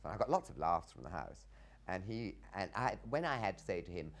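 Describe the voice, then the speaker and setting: An English man in his fifties recounts theatre anecdotes in an interview. His pitch leaps and swoops all over the place as he slips into mimicking voices for quoted lines, and he laughs often. His speaking voice sits on the low side. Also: big pitch swings, moderate pace, vocal fry. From England. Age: 50s.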